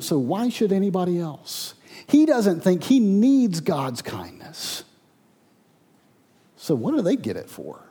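Mellow-voiced preacher giving a sermon. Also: male voice, on the high side, slightly rough. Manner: preaching with dramatic swings, loud when voicing the angry prophet. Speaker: pastor.

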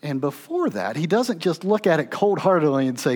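High-voiced man preaching with dramatic swings. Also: big pitch swings, a little fast. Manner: dramatic, swings between loud intensity and hushed near-whispers. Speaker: pastor. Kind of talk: sermon.

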